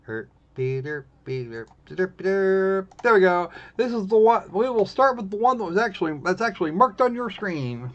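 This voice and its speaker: A man's voice: high voice, animated, brisk, few pauses, a bit bright. A man hosting a live stream, chatting casually in a wry, rambling way and often correcting himself mid-sentence. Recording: muffled lo-fi stream audio.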